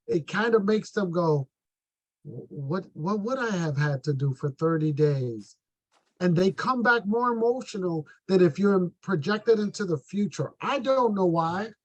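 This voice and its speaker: High-voiced man, earnest and dry. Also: dry recording, rough recording. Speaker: insurance agent. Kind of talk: sharing sales tips in a team call.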